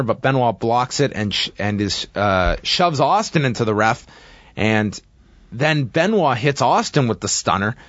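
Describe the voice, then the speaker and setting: A man casually recapping a wrestling match play by play, with steady narration and frequent fillers. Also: mid-range voice, no echo, highs cut off.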